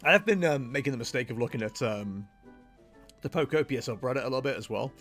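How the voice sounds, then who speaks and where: A man's voice: medium pitch, animated, fast, a bit bright, soft background music. Chatty young man streaming a game. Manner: chatty, rambling, self-mocking. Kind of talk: casual gameplay livestream commentary.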